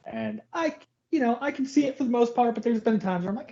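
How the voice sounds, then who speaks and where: A man's voice: extremely high pitch, quick pace, creaky. A man co-hosting a podcast, ranting casually and profanely about a movie. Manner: animated ranting with impressions. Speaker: podcast co-host. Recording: dull lo-fi podcast audio.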